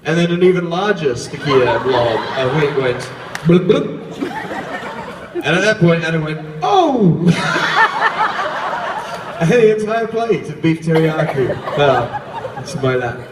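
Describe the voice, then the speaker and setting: A man with a lively, wide-ranging voice tells a wry, self-mocking story on a convention panel. He is heard from a distance in a large, reverberant hall. Clear background noise runs under him. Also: on the high side, moderate pace. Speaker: panel guest actor.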